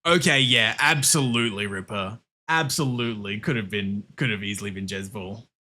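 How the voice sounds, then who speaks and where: A man streaming a game and chatting casually, excitable, laughing a lot and swearing often. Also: fairly low pitch, fairly quick. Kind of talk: casual livestream chat while gaming.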